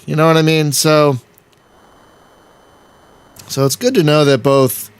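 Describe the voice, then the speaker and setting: A man's voice: a little high, smooth. A man hosting a casual let's-play, chatting and rambling as he plays, laughing often and sometimes breaking into exasperated outbursts. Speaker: gaming channel host.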